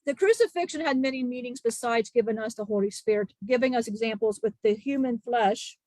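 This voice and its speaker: A woman channeling the spirit of an ancient male disciple, telling a grieving testimony in halting, emotional bursts with many restarts. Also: a little high, darkish tone, dry recording, lightly acted. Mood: solemn.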